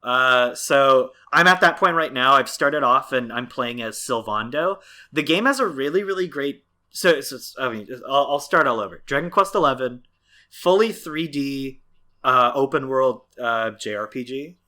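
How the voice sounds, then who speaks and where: A man's voice: mid-range voice, animated, moderate pace, sharp tone. A man co-hosting a podcast, talking casually and at length with many fillers and restarts. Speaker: podcast co-host. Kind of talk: casual chat.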